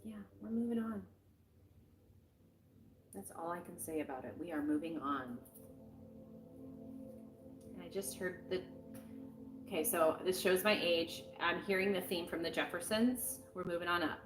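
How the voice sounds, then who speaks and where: A middle-aged woman with a somewhat low voice gives a casual weekly tarot reading. She is frank and encouraging and rambles along with plenty of fillers. She is recorded at home in a roomy space, with faint music playing behind her. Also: measured pace, long pauses. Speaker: tarot reader.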